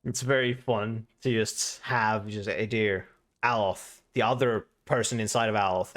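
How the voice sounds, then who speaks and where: In casual live-stream commentary, a man with a mid-range, slightly bright voice plays a video game, cursing frequently and reading the on-screen text aloud.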